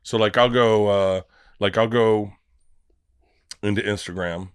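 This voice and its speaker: A man who is a comedian guest on a podcast, telling stories in a casual, animated way, acting out the voices in his stories and swearing freely. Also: on the low side, unhurried, smooth, dry recording, clean studio sound. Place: podcast studio.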